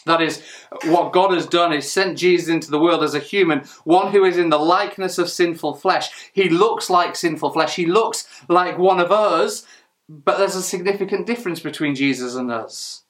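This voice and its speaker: A man's voice: high voice, animated, moderate pace, a bit bright. Earnest man preaching a sermon. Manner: earnest, emphatic, with rhetorical questions and small restarts.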